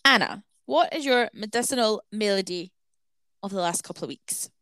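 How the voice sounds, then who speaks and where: A woman's voice: mid-range voice, lively intonation, sharp tone, no echo. A woman co-hosting a podcast in casual chat, giggly and self-mocking. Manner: giggly, self-mocking, talks in quick bursts. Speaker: podcast co-host.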